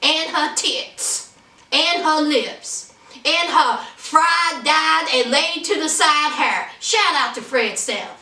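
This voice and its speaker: Sassy high-voiced woman recapping reality TV. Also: takes it slowly, bright, forceful tone, roomy sound, distant mic. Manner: sassy, dramatic, gossipy. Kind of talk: casual commentary.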